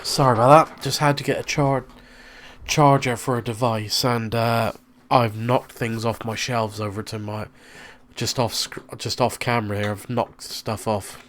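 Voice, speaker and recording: Man, slow talker, halting, casual reaction chat. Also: medium pitch, steady tone, fairly bright tone, a little hiss or hum. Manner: hesitant, halting, restarts words. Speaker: co-host reacting.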